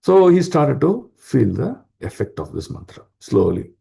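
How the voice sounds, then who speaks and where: A man's voice: mid-range voice, very animated, measured pace, gravelly, dark tone, breathy edge. A man giving an informal scripture class, explaining step by step with rhetorical questions and many fillers. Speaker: spiritual class speaker.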